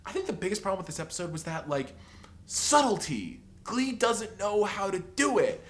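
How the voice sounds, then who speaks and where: A man's voice: high voice, very animated, moderate pace. A man giving an opinionated, rambling TV review, exasperated and sarcastic, full of filler words. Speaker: TV episode reviewer.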